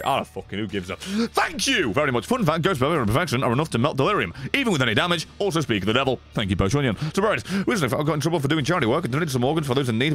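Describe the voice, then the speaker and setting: A man commentating casually on a video game, joking and swearing a lot. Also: on the high side. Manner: swears a lot, jokey and excitable. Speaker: streamer. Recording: game music behind.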